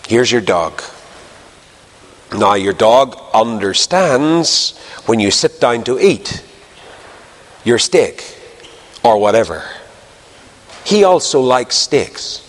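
A man's voice: medium pitch, very animated, extremely slow, pauses often. A man with a Northern Irish accent preaching a sermon to a live audience, telling anecdotes and asking rhetorical questions. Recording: long hall reverb.

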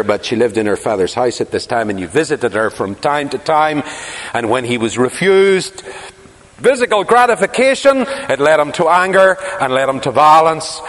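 A man's voice: fairly high pitch, a bit bright. A man preaching a sermon, telling stories and asking rhetorical questions with emphasis. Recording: long reverb of a large hall.

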